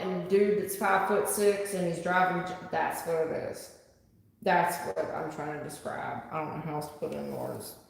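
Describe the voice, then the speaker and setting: A woman's voice: fairly low pitch, fairly even intonation, normal speed, vocal fry. A woman hosting a live tarot stream, chatting casually in a blunt, rambling way with some swearing and frequent laughter. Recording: very echoey room with long reverb.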